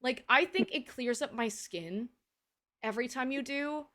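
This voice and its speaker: Young woman, higher voice, streamer host, lively storyteller who swears a lot. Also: measured pace. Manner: animated, swears freely, acts out quotes. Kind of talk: casual storytelling chat.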